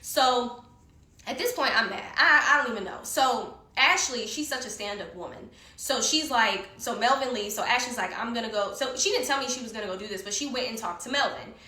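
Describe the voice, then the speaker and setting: A woman's voice: a little high, bright, forceful tone. Heated, profane woman telling a story. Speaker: guest storyteller. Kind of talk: casual storytelling. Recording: echoey room.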